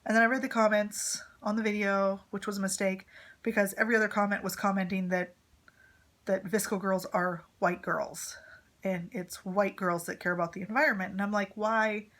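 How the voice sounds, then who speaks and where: A woman's voice: mid-range voice, fairly even intonation, fairly quick, a bit bright. Chatty woman vlogger, rambling storytime. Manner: chatty and rambling, with filler words and asides. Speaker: vlogger, mother of a teenage son. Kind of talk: casual storytime chat to camera.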